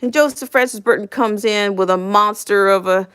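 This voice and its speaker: A woman's voice: mid-range voice, normal speed, hardly any pauses, a bit bright, clean tone. Woman in her 50s doing a casual livestream, reads comments, laughs a lot, says stuff twice. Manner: chuckles often, repeats phrases for emphasis. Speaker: livestream host reading viewer comments. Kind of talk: casual live-stream chat.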